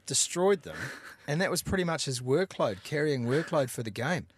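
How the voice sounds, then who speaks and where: A man with a New Zealand accent, co-hosting a casual rugby podcast and giving animated, opinionated analysis. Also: on the high side, moderate pace, a little hiss or hum. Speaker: podcast co-host.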